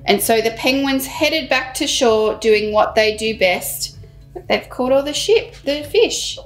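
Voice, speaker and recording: Woman, children's presenter, storybook reading, high voice, faint music behind. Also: slow. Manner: animated and expressive.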